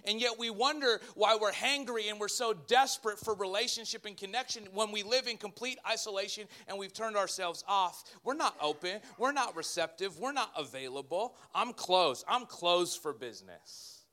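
A man, a pastor, preaching a sermon in an animated way with joking asides to his congregation. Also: sits high, normal speed, hardly any pauses.

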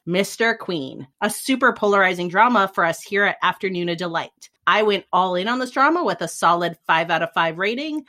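A woman's voice: medium pitch, a bit bright. A woman hosting a podcast, upbeat and playful, laughing often. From United States. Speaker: podcast host. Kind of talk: scripted podcast intro and casual chat.

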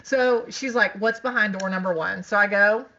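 A woman on a podcast telling a story in a casual, animated way, laughing often and acting out what people said. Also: medium pitch, moderate pace. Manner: animated, laughing, frequent "like", acts out quotes. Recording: dull lo-fi sound.

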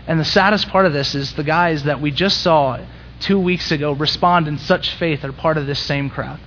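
A young man with a high voice preaching a sermon in a church. He talks conversationally but presses hard on his points and climbs to intense peaks. The sound is dull and lo-fi. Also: moderate pace, fairly bright tone, a little hiss or hum. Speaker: pastor.

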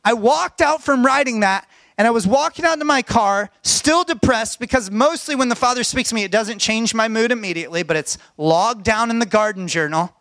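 A man with a notably high voice preaches in a dry, close-sounding room. He tells his own stories earnestly and from the heart. He sounds middle-aged and speaks as a pastor. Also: brisk, few pauses, a bit bright, no room sound. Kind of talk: sermon with personal stories.

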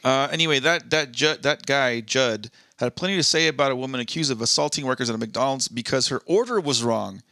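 A man co-hosting a casual podcast, reading news aloud and then giving blunt, profane takes. His voice is bright and forceful. The sound is dry and close, with no room around it. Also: mid-range voice, brisk, few pauses, no room sound. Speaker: podcast co-host.

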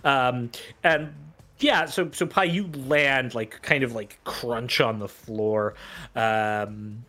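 Slow, rambling game master man. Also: medium pitch, pushed and bright. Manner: rambling, full of fillers like "like" and "um". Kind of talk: narrating a tabletop game.

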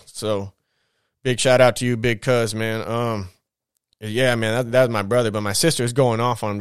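A man's voice: on the low side, clear, resonant tone, no echo, clean studio sound. A man telling his own life story on a podcast in a loose, rambling way, heavy with slang and fillers. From Southern California. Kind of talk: casual storytelling.

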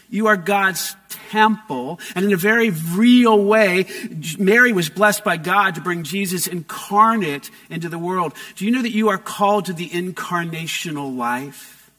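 A man preaching a sermon, reading scripture aloud and expounding on it with emphatic rises and drawn-out phrases. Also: on the high side, fairly bright tone. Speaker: pastor.

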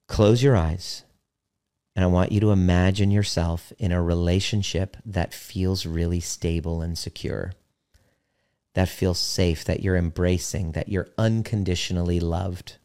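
A man talking as a relationship coach, earnest and blunt, swearing for emphasis and slowing down to stress his key points. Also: low voice, fairly even intonation, warm tone, smooth. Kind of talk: motivational talk to listeners.

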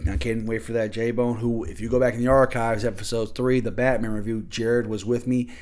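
A man hosts his own casual solo podcast, ranting bluntly with plenty of swearing and fillers in a loose, conversational way. His medium-pitched voice is flat in delivery, fairly quick and a little mellow.

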